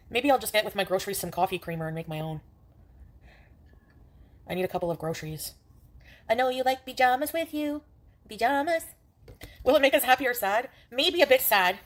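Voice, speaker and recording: A woman chatting on her own livestream in a rambling, distracted, halting way. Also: on the high side, lively intonation. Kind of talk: casual livestream chat.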